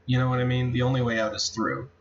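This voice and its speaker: A man running a tabletop game as game master, pausing and restarting as he works things out. The recording sounds dull and low-fidelity, with a faint hiss behind him. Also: expressive. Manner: thinking aloud, hesitant restarts.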